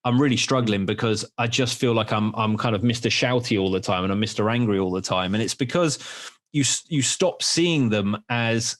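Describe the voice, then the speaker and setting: A man's voice: on the low side, normal speed. A man podcast host chatting animatedly. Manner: rambling, animated storytelling with many restarts. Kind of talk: casual chat.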